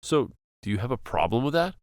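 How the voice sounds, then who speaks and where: A man's voice: mid-range voice, very animated, fairly quick, no echo, studio quality. A man voicing an exasperated young college student pushing back against his overbearing mother. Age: young adult. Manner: exasperated, pleading.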